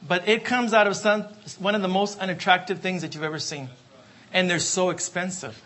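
A man's voice: high voice, steady tone, fairly quick, fairly bright tone. A man preaching a sermon, emphatic and repetitive, asking for amens. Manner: emphatic, repeats refrains, asks the congregation for amens.

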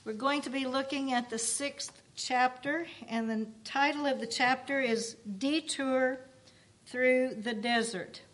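A woman with a high voice reads a story aloud at a church service. She paraphrases as she goes, in an unhurried, earnest tone. Her delivery is slow and measured. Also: a bit bright. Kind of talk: reading a book aloud with paraphrase.

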